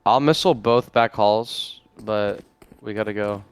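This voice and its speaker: A man playing a team shooter over voice chat, giving quick callouts to his team. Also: fairly low pitch, clean tone. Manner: quick game callouts, laughs easily. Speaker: student player. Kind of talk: casual gaming callouts.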